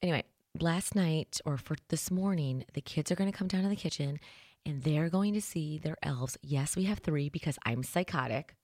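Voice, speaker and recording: A woman in her thirties hosting a morning show from her studio, chatty, self-deprecating and excitable. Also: sits low, moderate pace, dry recording. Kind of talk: casual chat.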